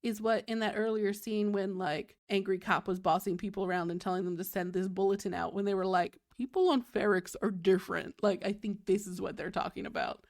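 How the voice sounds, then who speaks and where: A woman's voice: medium pitch, little pitch movement, a little fast, hardly any pauses. A woman hosting a podcast, recapping a show in chatty casual talk packed with "like". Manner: chatty, fills with "like" constantly. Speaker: podcast host.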